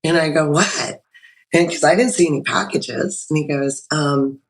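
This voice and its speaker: A woman's voice: low-pitched, moderate pace, low-quality recording. Chatty woman guest telling her story. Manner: chatty, lively storyteller with many restarts. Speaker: podcast guest. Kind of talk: personal story told in conversation. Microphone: video call.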